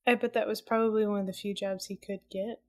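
A woman's voice: medium pitch, flat delivery, darkish tone. Woman cohost, chatty, jokey, mid voice, casual podcast banter. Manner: chatty, quick to joke and laugh. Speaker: podcast co-host.

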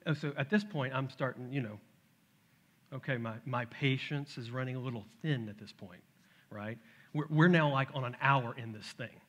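A middle-aged man preaching a sermon, telling a family story with lively acted-out voices. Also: mid-range voice, normal speed. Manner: animated storytelling, acts out his toddler's shouts. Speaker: pastor. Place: church sanctuary.

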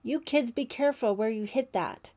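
A woman's voice: medium pitch, unhurried, darkish tone, natural voice. A woman voicing a friendly young male camp counselor who talks in an easygoing, sympathetic way.

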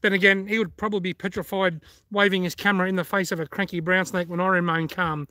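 A chatty Australian man with a fairly high voice, recorded dry and close with no room sound. He is middle-aged and talks casually on a live stream, reading out comments and chuckling at his own jokes. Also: little pitch movement, quick pace, bright, forceful tone, no echo. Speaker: fishing channel host.

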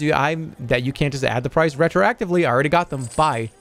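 A man streaming a video game, talking his way through it with sudden yelps, swearing and bursts of excitement, and sometimes reading the game's dialogue aloud. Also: on the high side, fast. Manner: excitable, swearing, yelps and shouts when things go wrong. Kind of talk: live gameplay commentary.

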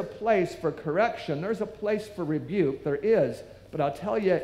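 A man's voice: high voice, expressive, measured pace, hardly any pauses, a little mellow. A man preaching a sermon, telling a story and acting out the voices of the people in it. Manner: storytelling, acts out quoted voices. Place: church. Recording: echoey church hall.

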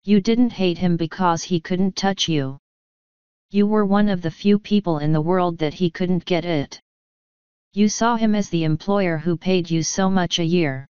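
A woman reading an audiobook, voicing a bitter young woman who speaks in a cold, clear, scornful way. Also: on the low side, a little slow, darkish tone, no room sound, lo-fi sound, close to an everyday voice.

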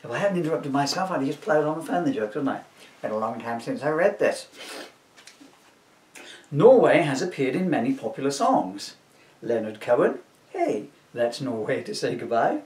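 A man's voice: mid-range voice, sing-song, moderate pace, darkish tone, far from the mic. A man reading from his own comic book, chatty and self-mocking, with asides. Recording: roomy echo, voice from off-mic.

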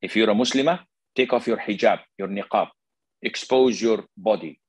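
A man's voice: fairly low pitch, normal speed, slightly rough, dry recording, rough recording. An older man from Arabia, giving a blunt, sarcastic religious lecture as a sheikh. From Saudi Arabia. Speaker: Islamic scholar, sheikh.

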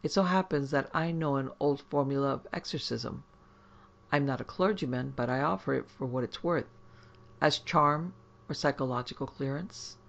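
Woman doing an older judge, measured, solemn, gravelly, audiobook reading. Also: rumbling low, lo-fi sound. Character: calm, learned older male judge.

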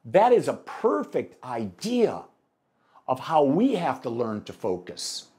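A middle-aged American minister preaching a sermon, telling a story with animated delivery and acting out the dialogue. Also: male voice, medium pitch, slow pace. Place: church sanctuary.

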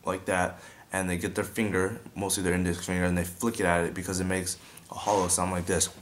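A man's voice: deep voice, little pitch movement, fairly quick, noisy background. A young man chatting casually as he teaches beatbox sound effects, breaking off to demonstrate mouth sounds. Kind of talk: casual video tutorial.

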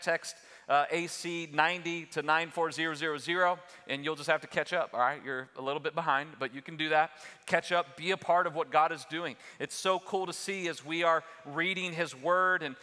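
A man's voice: a little high, sharp tone, clear, resonant tone. A man preaching a sermon as pastor, talking in a conversational way that builds to emphatic points. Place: large church auditorium. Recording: long hall reverb.

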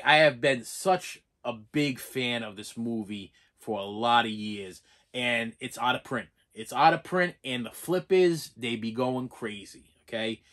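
A male channel host rambles through a casual vlog rant, stammering, repeating words, and stumbling over names, turning sincere and a bit emotional when he thanks his viewers. His voice is medium-pitched, pushed, and bright.

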